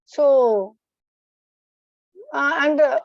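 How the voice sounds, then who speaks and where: A woman's voice: sits high, extremely slow, no echo, dull audio. Woman telling a children's story. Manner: hesitant, many fillers. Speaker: children's class teacher.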